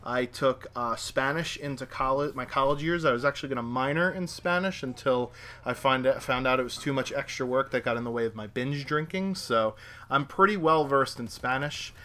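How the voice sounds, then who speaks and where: A man's voice: mid-range voice, moderate pace, bright, forceful tone. A young man hosting a casual Q&A chat with his wife, joking and teasing. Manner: joking, self-mocking, teasing. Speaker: channel host.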